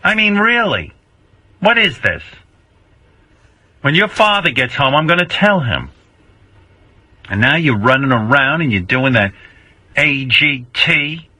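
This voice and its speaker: A man's voice: a little high, sing-song, unhurried, long pauses, bright, forceful tone, dry recording, voice pushed up, heavily acted, rough recording. Man doing a whiny guilt-tripping old mother. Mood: nagging. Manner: whiny, theatrical, repeats complaints. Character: nagging guilt-tripping older mother, martyr. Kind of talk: comic improvised impression.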